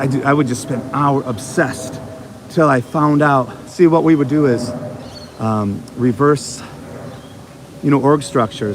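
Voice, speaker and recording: Walking through an outdoor botanical garden in the evening, an American man hosts a casual vlog as he recovers from a cold. He has a mid-range voice, there's slight background noise, and his stories ramble with plenty of fillers.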